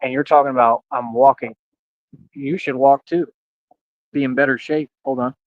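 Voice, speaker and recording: A man's voice: mid-range voice, fairly even intonation, moderate pace, dry recording. A man streaming live, boastful and confrontational, challenging viewers in slangy speech full of "bro" and "like.". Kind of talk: ranting livestream talk. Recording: dull, dry lo-fi stream audio.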